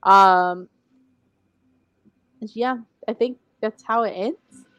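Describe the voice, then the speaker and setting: A woman in a casual podcast chat, recapping in a relaxed, chatty way. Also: medium pitch, very slow, no echo. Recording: dull dry sound.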